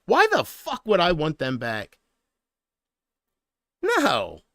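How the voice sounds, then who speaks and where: A man's voice: a little high, wildly swooping pitch, slow pace, a bit bright, no echo, clean studio sound. Man ranting angrily on a livestream. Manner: profane, agitated ranting; reads viewer comments aloud. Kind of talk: live-stream rant to chat.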